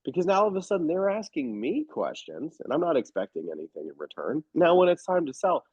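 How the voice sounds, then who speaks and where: A man's voice: a little high, quick pace, few pauses, slightly rough, dry recording. A man talking as an interview guest, telling stories bluntly and emphatically. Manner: animated storyteller, emphatic and blunt. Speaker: real estate investor guest. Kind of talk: casual interview talk. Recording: slightly dull, dry recording.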